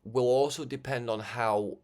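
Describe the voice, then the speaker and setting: Brief: man, everyday middle pitch, rambling spiritual broadcaster, chatty, laughs and restarts a lot. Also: steady tone, a little slow, darkish tone. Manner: rambling, conversational, laughs often, restarts and stammers. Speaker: religious broadcaster. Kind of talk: informal spiritual talk.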